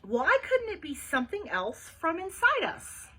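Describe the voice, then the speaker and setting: A woman reading aloud and voicing an eager, loyal little girl who asks excited questions in a raised voice. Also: very high voice, unhurried, pitched above the performer's own voice, full character voice.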